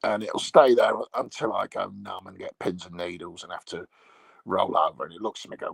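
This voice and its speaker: Man, English accent, middle-aged, crude rambling chat, husky, dry close sound. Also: low voice, a little fast, dry recording. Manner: crude, swearing, meandering. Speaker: livestream host. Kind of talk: rambling casual chat to viewers. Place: lying on a bed at home.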